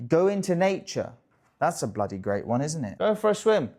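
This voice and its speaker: A young man talking straight to camera as a dating coach, casual and jokey, swearing freely and tossing in quick asides. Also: a little high, sing-song, darkish tone. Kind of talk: direct-to-camera coaching talk.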